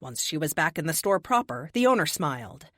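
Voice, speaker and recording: A woman narrating an audiobook with steady, expressive storytelling. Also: sits low, a little fast, no room sound, studio quality. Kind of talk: scripted narration.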